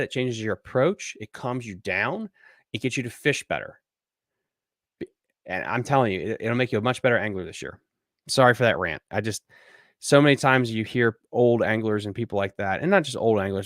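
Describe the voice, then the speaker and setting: A man's voice: fairly low pitch, no echo. Guy hosting a fishing podcast, blunt and ranty, swears a lot, dry close mic. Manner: blunt, profane, ranting. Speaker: podcast host. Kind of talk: casual live-stream rant and Q&A.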